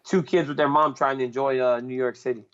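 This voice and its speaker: A man's voice: mid-range voice, fairly even intonation, fast talker, dull audio. Earnest man in casual chat. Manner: earnest, repeats himself while searching for words. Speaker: guest.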